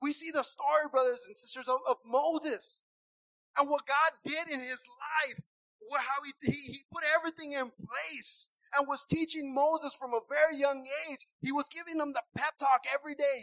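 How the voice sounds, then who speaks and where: A woman preacher delivering a passionate sermon, repeating herself and swinging from soft asides to shouts. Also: high-pitched, steady tone, moderate pace, no room sound, rough recording.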